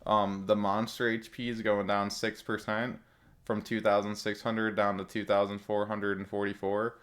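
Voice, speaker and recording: A man's voice: fairly low pitch, little pitch movement, moderate pace. A man giving casual commentary on game updates as a content creator, rambling in loose slang with lots of filler words.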